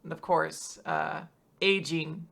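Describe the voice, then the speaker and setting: A woman co-hosting a casual podcast, chatty and quick to laugh. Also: deep voice, very animated, creaky, fairly bright tone. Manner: laughs often, rambling with fillers. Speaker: podcast co-host. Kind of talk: casual chat.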